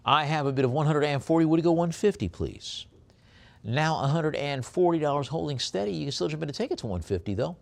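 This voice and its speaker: Brisk chanting male auctioneer. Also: expressive, gravelly. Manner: brisk rhythmic chanting of bid increments; drops low and soft on a coaxing "please". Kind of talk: live auction bid calling.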